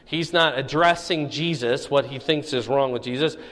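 A man's voice: medium pitch, normal speed, fairly bright tone, in a large hall. A man teaching a Bible study in a conversational way, often checking in with the listeners.

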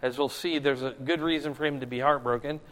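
A man's voice: medium pitch, fairly even intonation, fairly quick, fairly bright tone. A man preaching an informal, verse-by-verse sermon who keeps checking in with his listeners. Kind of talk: conversational sermon, verse-by-verse teaching. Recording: long reverb of a hall.

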